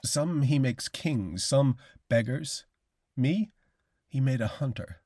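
A man voicing a cultured, courteous older aristocrat hunter with a quietly menacing edge, speaking slowly and deliberately in an audiobook reading. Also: mid-range voice, animated, no echo, studio quality, pitched above the performer's own voice. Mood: suave, menacing. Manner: slow, measured, courteous delivery.

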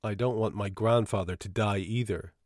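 A man's voice: lowish voice, normal speed, dry recording, studio quality, close to an everyday voice. A man doing a sulky, sarcastic young father. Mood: bitter. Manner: flat, sarcastic.

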